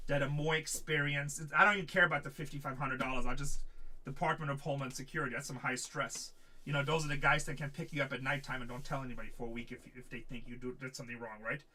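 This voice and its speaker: Bright-voiced man telling a story at a distance. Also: a little high. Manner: animated, emphatic retelling with quoted dialogue. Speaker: card break host. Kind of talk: casual storytelling. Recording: voice a little distant from the mic.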